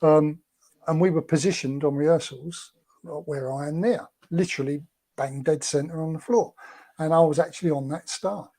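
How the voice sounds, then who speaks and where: Chatty man with a mellow voice. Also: a little high, fairly even intonation, normal speed. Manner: chatty and rambling, with many fillers. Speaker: guest, former film extra. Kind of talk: casual anecdote telling.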